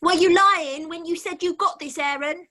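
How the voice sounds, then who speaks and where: A woman's voice: extremely high pitch, moderate pace, bright, forceful tone. A woman voicing a mocking female interrogator in an online script reading, taunting and probing. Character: mocking female interrogator, mother-daughter-holy-spirit figure. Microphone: video call mic.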